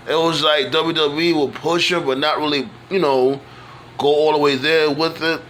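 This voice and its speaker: A man's voice: fairly high pitch, unhurried, fairly bright tone, a little hiss or hum. A man talking casually in a loose, rambling monologue, full of fillers and restarts. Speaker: wrestling fan vlogger.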